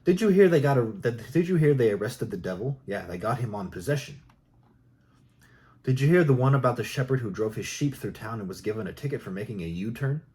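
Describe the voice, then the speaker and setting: A man reading jokes aloud in a soft, unhurried ASMR style. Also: medium pitch, lively intonation. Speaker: joke reader.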